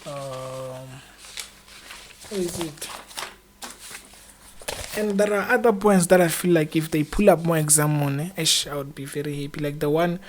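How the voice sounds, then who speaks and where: A man's voice: on the high side, measured pace, long pauses. A young man hosting an informal exam-prep video, talking to camera in a chatty, encouraging way that rambles with frequent fillers. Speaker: student exam-prep channel host.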